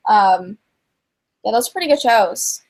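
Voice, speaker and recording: A woman's voice: mid-range voice, lively intonation, measured pace. A teenage girl co-hosting a casual livestream chat, gushing and giggly, full of fillers. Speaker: co-host.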